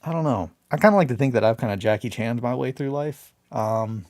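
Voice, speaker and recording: Brief: male stream host, gravelly mid-pitched voice, loose rambling chat, quick laughs and casual swearing. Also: a little mellow. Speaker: hobby livestream host.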